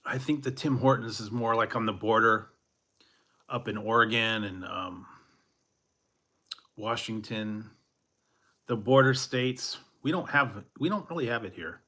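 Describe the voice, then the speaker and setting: An unhurried Central California man with a lowish, sharp-toned voice leaves long pauses as he chats on his food review live stream. The talk rambles casually, punctuated by chuckles and a jokey, exaggerated Canadian "eh."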